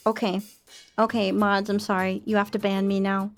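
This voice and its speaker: A woman's voice: mid-range voice, moderate pace, faint music behind. A young woman streaming casual chat, bubbly and self-mocking, laughing often.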